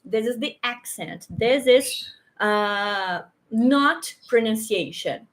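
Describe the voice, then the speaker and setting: Brazilian lady teaching english pronunciation, kinda high voice, talks real slow, keeps saying okay?. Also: expressive. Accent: Brazilian Portuguese. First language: Portuguese. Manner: chatty, slow and repetitive, frequent "okay?" checks. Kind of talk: casual online pronunciation lesson. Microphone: handheld or clip microphone, sometimes moved away.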